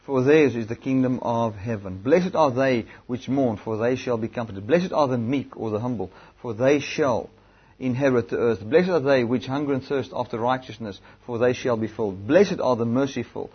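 Husky-voiced man preaching a sermon. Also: medium pitch, normal speed. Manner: rising to loud, emphatic preaching, then dropping to quiet scripture reading. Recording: dull, lo-fi recording.

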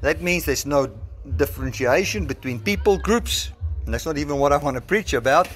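South African man preaching, higher voice. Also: lively intonation, a bit bright. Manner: reasoning step by step, slows to stress scripture. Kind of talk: sermon. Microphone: phone recording.

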